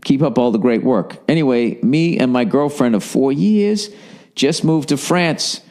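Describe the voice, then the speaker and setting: A man's voice: mid-range voice, animated, a little slow, a little mellow. A man hosting a comedy podcast, reading a listener's letter aloud and cutting in with blunt, sarcastic, profane asides.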